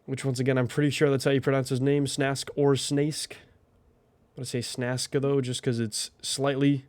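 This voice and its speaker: A man's voice: mid-range voice, flat delivery, normal speed, darkish tone, no room sound. Chatty man hosting a game stream. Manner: chatty, thinking aloud, frequent fillers. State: out of breath. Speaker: tournament host. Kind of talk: casual livestream commentary.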